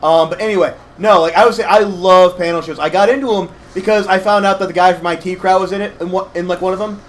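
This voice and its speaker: Fast-talking young man, rambling gamer chat. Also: high-pitched. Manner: rambling, animated storytelling with many fillers. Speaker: let's play co-host. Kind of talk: casual gaming chat.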